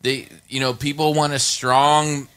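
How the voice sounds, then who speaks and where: A man's voice: a little high, level tone, a little slow, fairly bright tone, clean tone. A man co-hosting a movie podcast in casual chat, cursing and talking with enthusiasm. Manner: profane, enthusiastic. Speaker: podcast co-host.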